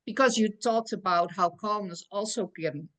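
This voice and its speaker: A woman's voice: medium pitch, moderate pace, a bit bright, rough recording. A woman with a mid-range voice tells a story over a video call. She speaks hesitantly, with fillers, and keeps checking in with her listener. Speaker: participant telling a story. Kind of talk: casual storytelling.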